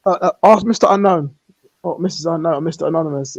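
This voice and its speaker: A man's voice: fairly high pitch, fast talker. A man on a live stream, ranting heatedly, laughing often and acting out quoted exchanges. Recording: lo-fi online stream audio.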